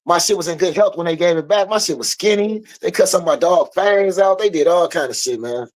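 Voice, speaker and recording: A man from the United States in casual street talk, blunt and profane, telling animated stories. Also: sits high, fairly quick.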